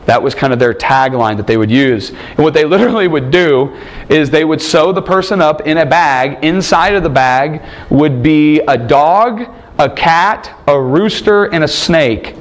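Lively man lecturing a class. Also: on the high side, unhurried. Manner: lively, quizzing students, joking asides. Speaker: Bible teacher.

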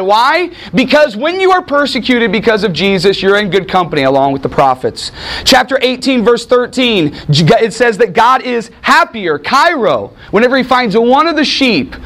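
A man preaching a sermon, dramatic, swinging from loud bursts to hushed lines and acting out quotes in voices. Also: sits high. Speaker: pastor.

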